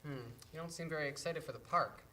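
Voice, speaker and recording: A man playing a gentle, kind dog owner in a staged play reading, speaking softly and reassuringly. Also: a little high, quick pace, slight background noise. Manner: soft and reassuring.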